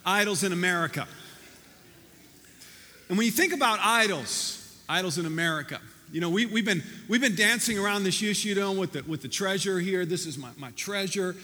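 A man preaching a sermon in a church, talking in a loose, animated, conversational way with many restarts. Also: sits high, a little hiss or hum. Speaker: pastor. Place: church sanctuary. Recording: reverberant church hall.

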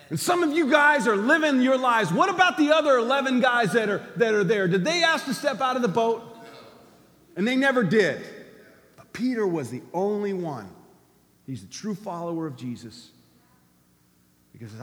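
A pastor preaching with a high, bright-pitched voice, his words ringing out through a reverberant hall. He swings from loud, stirring cries to low, hushed lines as he speaks to his congregation. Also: sing-song, normal speed, long pauses. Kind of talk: sermon.

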